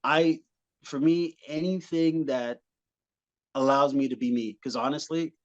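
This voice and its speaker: A man's voice: fairly high pitch, a little slow, highs cut off. A man from Montreal, a comedian, chatting as a podcast guest and telling stage stories. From Montreal, Canada. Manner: animated storyteller, slips into funny voices and accents. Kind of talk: casual podcast chat with impressions.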